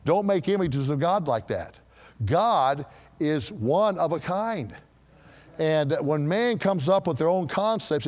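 Male pastor with a higher voice, animated preaching, large reverberant church. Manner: animated preaching with rhetorical questions, swelling to emphatic peaks. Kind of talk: sermon.

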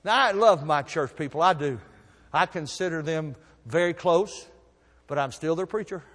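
A man preaching a sermon, telling folksy stories and swinging from soft asides to loud emphasis. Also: fairly high pitch, normal speed, in a large hall. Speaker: pastor.

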